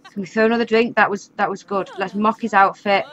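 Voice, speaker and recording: A woman's voice: medium pitch, fairly even intonation, a little fast, a bit bright, muffled recording. Chatty woman narrating gameplay. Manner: chatty, exasperated, laughs often. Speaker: gaming YouTuber. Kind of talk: casual let's-play commentary.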